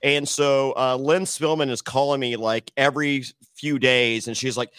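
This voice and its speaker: A man's voice: mid-range voice, quick pace, hardly any pauses, fairly bright tone, no echo. A man guesting on a podcast, telling brash, profane stories with many restarts. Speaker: podcast guest, former reality show contestant. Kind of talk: casual storytelling chat.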